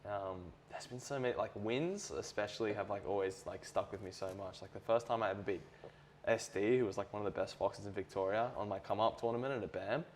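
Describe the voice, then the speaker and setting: A man's voice: on the low side, quick pace, slight background noise. A young Australian man chatting casually as an interview guest, laid-back, laughing often and swearing freely. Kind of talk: casual chat.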